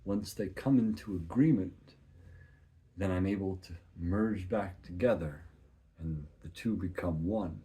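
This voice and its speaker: A man in his thirties sharing a personal faith testimony in an earnest, searching way, often soft and hushed. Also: sits low, measured pace. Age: 30s.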